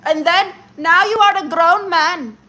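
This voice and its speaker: A woman's voice: extremely high pitch, unhurried, pushed and bright, full character voice. A woman playing a bossy male podcast host who mocks and lectures men about their hobbies on a comedy livestream. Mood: scolding. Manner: mocking, exasperated, lecturing.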